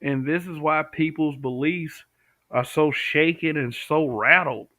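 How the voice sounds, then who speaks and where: A man's voice: a little high, measured pace, sharp tone, no echo. A man from the American South hosting a casual live stream, speaking bluntly and answering viewers' comments. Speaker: livestream host. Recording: tinny, dry home-stream audio.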